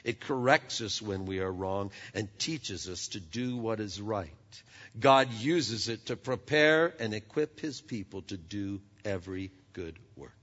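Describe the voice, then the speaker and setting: A man preaching a sermon in a conversational way, often stumbling and repeating words, with lively asides. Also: lowish voice, measured pace. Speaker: pastor. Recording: dull sound with long hall reverb.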